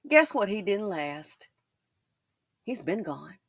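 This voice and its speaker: Woman ranting on her commentary channel, casual storytelling, jumps way up in pitch when she does other people's voices, dry close mic. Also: takes it slowly, breathy edge, dry recording. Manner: animated storytelling, acts out quoted voices with big pitch jumps.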